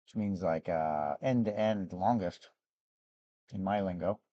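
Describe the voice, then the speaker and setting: A hoarse man, losing his voice, hosts a live gem and fossil sales show in a rambling, chatty way with frequent restarts. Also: low-pitched, measured pace, no room sound, muffled recording. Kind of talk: casual live-stream sales chat.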